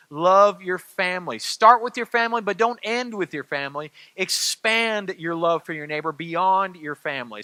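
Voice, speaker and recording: A middle-aged man preaches a sermon in a conversational, repeating style, often turning to the congregation for agreement. His voice sits high and sounds bright and forward. The sound is dry and close, with little room around it. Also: no echo. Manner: conversational, repeats phrases, asks "right?" of the crowd. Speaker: pastor.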